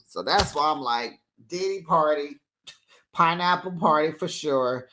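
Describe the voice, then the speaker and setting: A host recapping a reality show in a casual, chatty way, with playful shade and lively asides. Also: mid-range voice, a little slow. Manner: animated, chatty, playfully shady.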